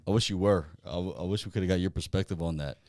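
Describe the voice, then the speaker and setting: Deep-voiced host asking blunt questions. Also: male voice, quick pace, a little mellow, no echo, studio quality. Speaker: podcast host. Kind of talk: casual podcast chat.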